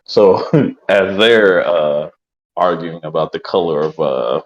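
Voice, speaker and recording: A man playing a tabletop game, describing his character's actions in a relaxed, chuckling way. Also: deep voice, takes it slowly, highs cut off. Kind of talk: casual in-character chat.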